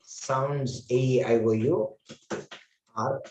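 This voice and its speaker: A man's voice: medium pitch, fairly even intonation, extremely slow, darkish tone, slight background noise. A man with an Indian English accent giving a classroom lecture as an English trainer, explaining patiently and repeating key words. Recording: echoey classroom.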